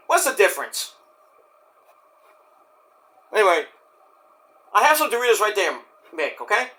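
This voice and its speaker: Man, wrestling reviewer, casual chat, rambling, profane, animated pitch. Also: measured pace, pauses often.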